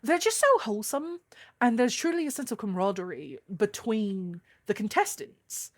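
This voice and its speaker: A woman's voice: medium pitch, expressive, normal speed, dry recording, studio quality, close to an everyday voice. A woman doing a put-on British accent while chatting on a live stream, rambling and wordy. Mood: chatty.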